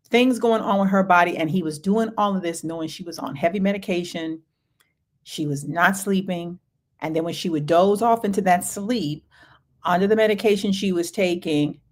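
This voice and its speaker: A woman hosting a talk show, speaking earnestly and deliberately with trailing pauses. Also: fairly low pitch. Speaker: podcast host.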